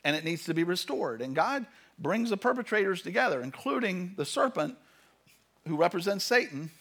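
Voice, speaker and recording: Lively animated male preacher. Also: high-pitched, normal speed. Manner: animated preaching, shifting emphasis, asides to the congregation. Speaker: pastor. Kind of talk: sermon.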